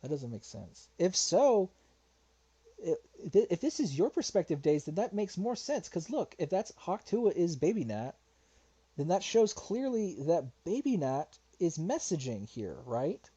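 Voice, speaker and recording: A man's voice: high voice, sing-song, measured pace, warm tone, breathy edge. A man streaming a response video, talking casually and rambling, getting frustrated, swearing and muttering to himself while he searches. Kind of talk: casual livestream commentary.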